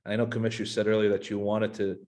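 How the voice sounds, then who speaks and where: A man's voice: lowish voice, flat delivery, fast talker, darkish tone. A man hosting a casual fantasy football podcast, asking his cohosts questions in a playful, joking way. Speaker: podcast host.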